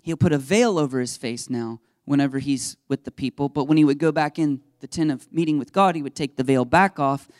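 A male pastor giving a casual, animated sermon in a church, acting out the people in his stories. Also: on the high side, fairly quick, hardly any pauses, no echo, clean studio sound. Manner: animated storytelling, acts out voices. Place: church sanctuary under stage lights.

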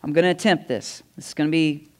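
A man pastor telling stories to his church in a lively, conversational sermon with asides and chuckles. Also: on the high side, fast talker. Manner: animated, conversational storytelling with laughs and asides. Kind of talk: sermon storytelling.

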